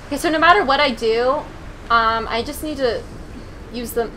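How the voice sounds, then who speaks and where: A woman hosting a casual let's play, talking to herself as she plays, jumpy and quick to swear. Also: high voice, pushed and bright, slight background noise. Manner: jumpy, swears freely, talks to herself while playing. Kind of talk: casual gaming commentary. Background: game music and sounds.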